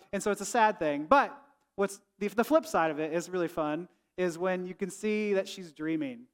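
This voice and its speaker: Pastor, male, high-pitched, chatty sermon delivery, long hall reverb. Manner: conversational preaching, asks the room "right?".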